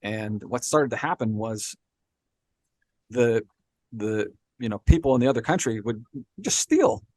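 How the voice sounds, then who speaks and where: A man's voice: medium pitch, lively intonation, unhurried, a little mellow, dry recording. Guy co-hosting a podcast, explaining stuff casually, keeps asking "right?", dry close sound. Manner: explains with frequent "right?" and "you know". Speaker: podcast co-host.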